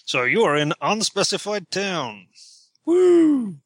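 A man's voice: medium pitch, steady tone, pushed and bright. A man narrating a tabletop role-playing game as game master, chatty and often correcting himself mid-sentence. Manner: chatty, self-correcting, quick to laugh.

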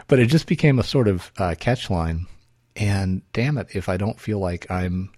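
Deep gravelly man talking on a podcast. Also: darkish tone, no room sound. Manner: thoughtful, self-correcting, wry. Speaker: podcast host. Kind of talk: solo podcast monologue.

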